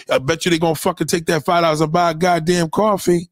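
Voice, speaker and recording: A man with a notably high voice rants straight at his viewers, heated and profane, hammering the same callouts again and again. The sound is dry and close, with no room around it. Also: flat delivery, quick pace, no echo, soft background music. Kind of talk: confrontational rant to camera.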